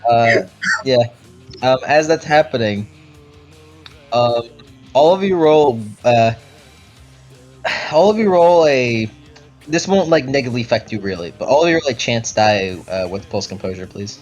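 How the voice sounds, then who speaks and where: A man's voice: mid-range voice, expressive, unhurried, pauses often, dull audio, faint music behind. Rambling male game master. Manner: loose, rambling narration full of fillers and swearing. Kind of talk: narrating a tabletop game.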